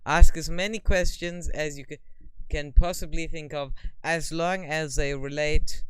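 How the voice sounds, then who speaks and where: A man chatting on a live stream, reading viewer questions aloud and answering them in a rambling, wry, deadpan way. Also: a little high, unhurried, clear, resonant tone, no room sound. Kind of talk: casual live stream chat.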